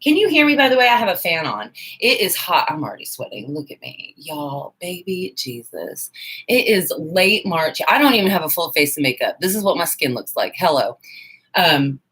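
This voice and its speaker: Husky lowish voice, woman in her 40s live streaming from her sewing room, chatty and self-mocking. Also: very animated, a little fast, fairly bright tone, rough recording. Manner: chatty, self-mocking, talks to viewers while working. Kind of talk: casual live stream chat while sewing. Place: home sewing room, indoors, fan running.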